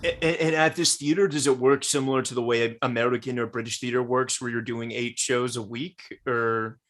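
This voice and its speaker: A man at a mid pitch, hosting a casual interview. He is eager and supportive, and his questions come out with stumbling restarts and repeated words. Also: steady tone, brisk, fairly bright tone. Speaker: podcast host.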